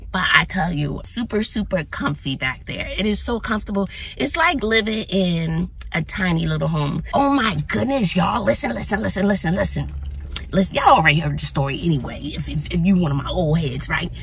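A woman vlogging casually to her phone from her car, chatty and animated, talking to viewers as y'all. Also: on the low side, gravelly, a little hiss or hum. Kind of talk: casual vlog talk to camera. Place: in or near her car outdoors in sun.

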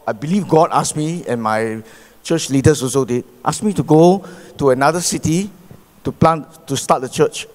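A middle-aged Malaysian pastor giving a sermon in a church, with animated preaching and frequent rhetorical questions. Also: male voice, fairly high pitch, normal speed. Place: church hall. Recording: long church hall reverb.

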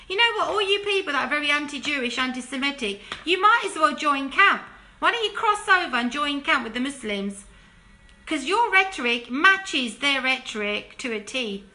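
A woman preaching straight to camera in an emphatic, fired-up monologue, her voice bright and forceful. She sits a little high for a woman and hammers her points home with one rhetorical question after another. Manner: drops to a hushed, low plea when urging repentance. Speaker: Christian video commentator. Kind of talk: impassioned direct-to-camera monologue.

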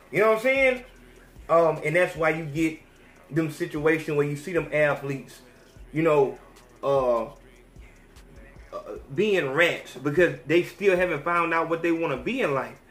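High-voiced podcast guy ranting, lots of slang and cussing, echoey room. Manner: animated, slangy, heavy swearing. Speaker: podcast host. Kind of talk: profane rant. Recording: roomy echo.

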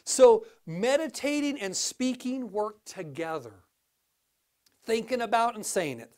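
A man preaching a sermon in a church, animated, with sudden rises to exclamations, drops to low asides, and frequent restarts. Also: a little slow. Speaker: pastor.

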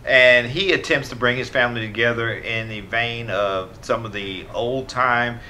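A man co-hosting a movie review, speaking in a measured, articulate way with a dry wit. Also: medium pitch, bright, forceful tone. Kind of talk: casual review chat.

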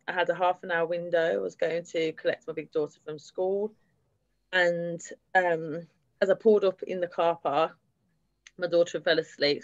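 A woman's voice: low-pitched, no room sound, lo-fi sound. A woman, candidly retelling her own experience at a public event. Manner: candid, steady retelling with fillers. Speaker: survivor sharing her story. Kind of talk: personal testimony at a public event.

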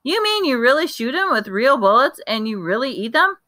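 Lady doing a guarded little boy, clipped replies, high and crisp, dry sound. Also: big pitch swings, brisk, sharp tone, no echo, heavily acted. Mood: curious. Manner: short, clipped replies, wide-eyed questions. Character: guarded, wary schoolboy, about ten. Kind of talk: audiobook reading.

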